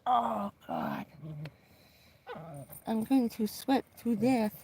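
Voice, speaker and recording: A woman live-streaming casual chat from inside her parked van at night, blunt and quick to swear, alternately scolding and soothing her dog. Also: a little high, steady tone, darkish tone, a little hiss or hum. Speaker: livestreaming van dweller.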